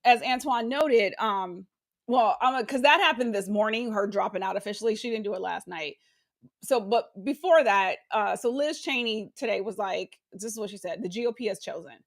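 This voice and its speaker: A woman with a mid-range voice co-hosts a podcast at a moderate pace, casually chatting about politics. She laughs often, swears, and reads quotes aloud.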